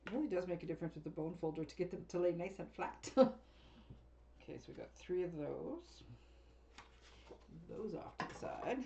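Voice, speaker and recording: A woman talks her way through a paper craft kit in a rambling, chatty way, often breaking into laughter. Her voice sits a little low. The recording is dull and lo-fi, with a faint hiss and clicks underneath. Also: lively intonation, normal speed, creaky, long pauses, dark tone. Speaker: craft demonstrator. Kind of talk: casual unboxing chat.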